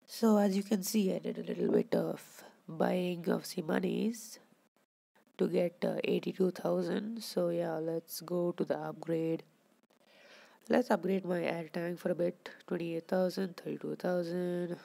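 A woman's voice: fairly low pitch, steady tone, measured pace, creaky, dark tone. A woman giving casual commentary over her own gameplay, chatting with viewers and scolding the fish on screen.

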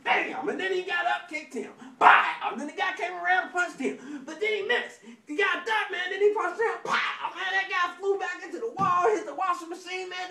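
Male preacher, high voice, folksy sermon storyteller, distant mic in a roomy church. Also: gravelly, pushed and bright. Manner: folksy storytelling, acts out anecdotes with sound effects; call and response. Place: church sanctuary.

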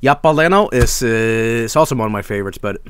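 A man's voice: mid-range voice, lively intonation, brisk, a little hiss or hum. A man from Sweden, hosting a casual snack review stream, enthusiastic and rambling, swearing freely. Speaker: streamer host.

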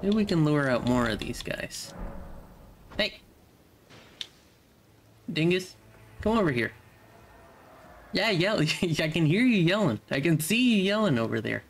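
Lively, animated young man chatting through a game. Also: a little high, measured pace, long pauses. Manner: playful, chats to the enemies on screen. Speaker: let's play streamer. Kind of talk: casual game commentary.

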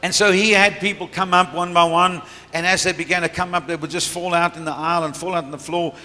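A man's voice: high-pitched, fairly even intonation, fast talker, pushed and bright. A middle-aged man preaching, telling a story from the pulpit and often laughing as he goes, recorded in a large church hall. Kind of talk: sermon testimony. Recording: reverberant church hall, faint room noise.

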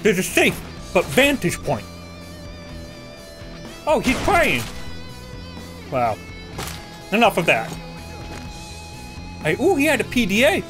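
Brief: jumpy male let's-player, high lively voice that swings all over, game music underneath. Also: takes it slowly, pauses often. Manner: excitable, gasps and yelps, talks to game enemies. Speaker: let's play gamer. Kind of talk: casual gameplay commentary.

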